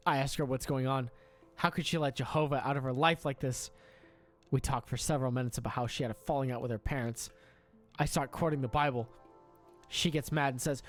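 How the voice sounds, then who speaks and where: Deadpan male reader of internet stories, faint music bed. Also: medium pitch. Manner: deadpan, breaks into laughter. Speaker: story reader. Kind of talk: reading an online story aloud.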